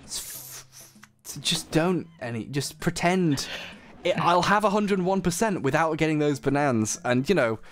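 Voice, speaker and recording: A man's voice: a little high, animated, normal speed. Man, Yorkshire accent, tired, joking, casual stream chat, faint music behind. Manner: tired, joking, laughs often.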